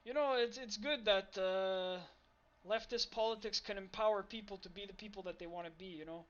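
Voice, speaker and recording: A livestream host chatting with viewers while playing a game, reacting loudly and cursing at their own play. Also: mid-range voice, brisk, muffled recording. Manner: profane, excitable reactions to own gameplay. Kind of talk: casual live gaming stream chat.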